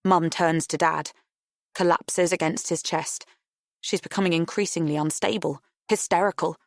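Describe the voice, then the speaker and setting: A woman reads an audiobook in the first person with expressive feeling. Her voice sits on the low side. The recording is dry and close. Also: moderate pace, dry recording. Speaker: audiobook narrator. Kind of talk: scripted first-person narration.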